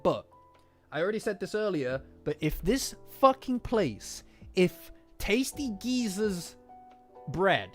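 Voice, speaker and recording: A young British man rants casually about a manga chapter, replying to his live chat and throwing in quick character impressions. His pitch sits a little high and swings a lot. Soft lofi music plays faintly behind him. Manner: animated, swearing, acting out characters in quick asides. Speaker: manga reaction streamer.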